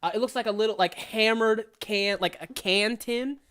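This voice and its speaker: A man's voice: high voice, normal speed, a bit bright, slight background noise. A man narrating as game master in a tabletop game, loose and rambling with many fillers.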